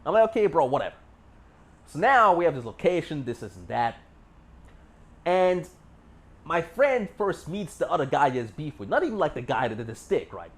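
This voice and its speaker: A young man spinning a brash, boastful story, peppered with curses and fillers. His voice sits a little high and leaps up and down animatedly as he rambles along. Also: sing-song, moderate pace. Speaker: vlogger. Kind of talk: casual storytelling.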